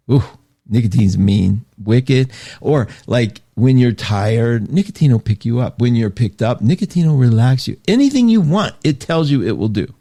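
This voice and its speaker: A middle-aged man hosting an astrology show, chatting casually and reading out viewer comments with lively swoops of pitch and frequent laughs. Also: moderate pace.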